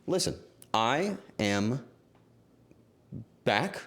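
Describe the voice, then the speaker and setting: A man streaming live, chatting with his viewers in a playful, teasing, excitable way. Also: mid-range voice, normal speed. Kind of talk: livestream chat with viewers.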